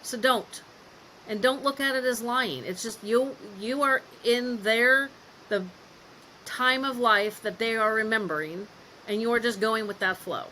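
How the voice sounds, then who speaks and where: A woman's voice: fairly high pitch, a little slow, pushed and bright, slight background noise, rough recording. A woman guest on a caregiving podcast, telling stories in a frank, lightly laughing way. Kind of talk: candid conversational interview.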